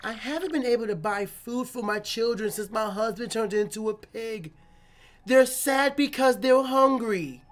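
A woman's voice: fairly high pitch, measured pace, close to an everyday voice. A woman reading the lines of a distressed village shopkeeper whose husband was cursed, from a video game. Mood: distraught. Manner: reading game dialogue aloud. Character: upset village shopkeeper wife.

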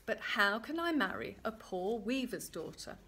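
A grand young king from a fairy tale, as a woman reads him, demanding and sure of himself. He speaks in a commanding way at a medium pitch. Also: lively intonation, moderate pace, creaky, pushed and bright, husky, heavily acted. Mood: assured.

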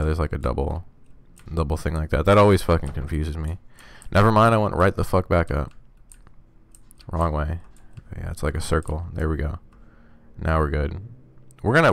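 Deep-voiced swearing game streamer man. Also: creaky. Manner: loose, heavy swearing, wry asides. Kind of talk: casual let's-play commentary.

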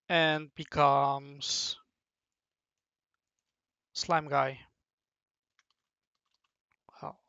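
A commentator who rambles playfully and haltingly through a casual talk while drawing, on a dull, dry lo-fi mic. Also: mid-range voice, little pitch movement, sharp tone, dry recording.

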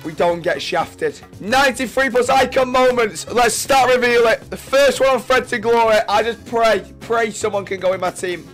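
A young man from England commentating his own video game live, swearing freely and yelling when excited. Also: very high voice, moderate pace, hardly any pauses, faint music behind. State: voice going hoarse. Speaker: gaming streamer.

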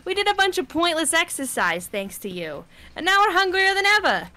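A woman's voice: very high voice, brisk, a little hiss or hum. A woman hosting a let's play, reading game dialogue aloud between casual banter and frequent laughs. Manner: laughs often, animated line reading.

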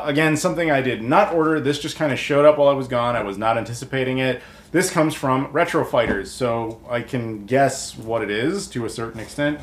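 American male host, mid-pitched, talkative collector unboxing on camera, roomy sound. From United States. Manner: chatty and rambling, with many fillers. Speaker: video game collector YouTuber. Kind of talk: casual unboxing talk to camera.

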